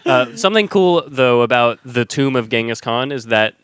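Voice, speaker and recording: Bright, lively man riffing on movies. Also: medium pitch, normal speed, smooth, no echo, studio quality. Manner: jokey, breaks into silly impressions. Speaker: podcast co-host. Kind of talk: casual movie chat.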